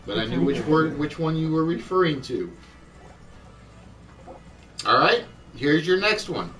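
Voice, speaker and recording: A man hosting an online quiz show, chatting and thinking aloud, reading clues out slowly. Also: on the high side, sing-song, a bit bright, distant mic, low-quality recording. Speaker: game show host. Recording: voice a bit off-mic with music behind.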